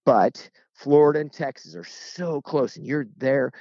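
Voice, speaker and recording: A man, a guest turkey hunter, telling stories in a casual interview with lively, joking delivery. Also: a little high, measured pace, vocal fry, dull audio. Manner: lively, joking, acts out voices in anecdotes.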